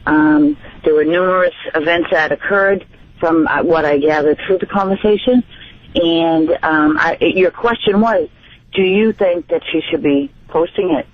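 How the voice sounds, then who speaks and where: A woman's voice: sits low, a little slow. A woman calling a radio show, indignant and full of hesitations and fillers. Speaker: caller. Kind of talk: phone-in call. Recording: dull phone line.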